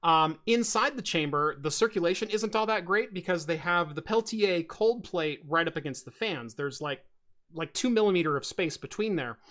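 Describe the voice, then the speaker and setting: A man hosting a casual tech podcast, telling stories in a rambling way with lots of fillers and restarts. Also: sits high. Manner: rambling, many fillers and restarts, animated storytelling. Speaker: podcast host.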